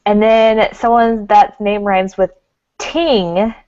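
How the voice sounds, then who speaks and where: A woman's voice: medium pitch, steady tone, takes it slowly, a little mellow, smooth, dry recording. A woman co-hosting a casual talk show as the psychic, chatty and giggly. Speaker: co-host, psychic. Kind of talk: casual chat. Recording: dull lo-fi sound.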